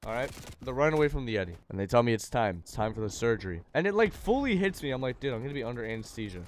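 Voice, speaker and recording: A man's voice: mid-range voice, very animated, quick pace, a little hiss or hum. A young man telling a personal story in a laid-back, slangy way, swearing freely. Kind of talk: casual story time.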